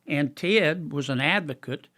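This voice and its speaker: A man with a Louisiana Southern drawl, a guest chatting on a podcast with folksy dry wit and halting restarts. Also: fairly high pitch, pushed and bright. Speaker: guest senator. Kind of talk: casual podcast conversation.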